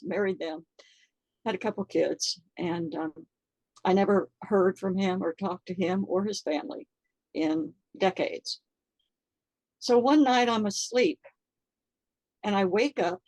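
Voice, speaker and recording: An older woman telling a personal story in an interview, halting and earnest, with many fillers, close to tears. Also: mid-range voice, darkish tone, dry recording, poor audio. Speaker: interview guest.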